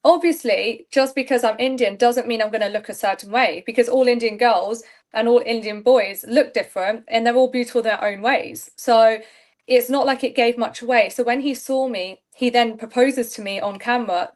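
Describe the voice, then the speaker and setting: A woman's voice: on the high side, steady tone, normal speed. A young woman, chatting candidly as an interview guest on a video call, laughing often. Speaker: reality show contestant guest. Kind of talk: casual interview chat.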